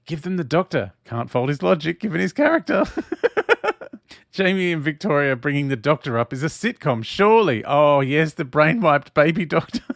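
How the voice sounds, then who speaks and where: A man's voice: fairly high pitch, sing-song, normal speed, vocal fry, no echo, studio quality. A man hosting a casual watch-along, reading chat aloud and commenting, with a giggly, camp manner and frequent laughter. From Australia. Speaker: host of a watch-along stream.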